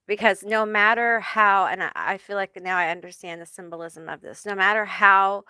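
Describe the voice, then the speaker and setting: A woman giving a live tarot reading in a slow, halting way, full of fillers, emotional and close to tears. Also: fairly low pitch, pushed and bright, clear, resonant tone, no room sound. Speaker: tarot reader.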